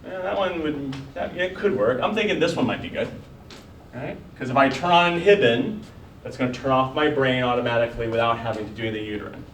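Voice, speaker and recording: A man's voice: mid-range voice, far from the mic, a little hiss or hum. Man lecturing, quizzing the class. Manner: casual, quizzing students with quick questions. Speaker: college biology instructor. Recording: echoey classroom recorded from afar.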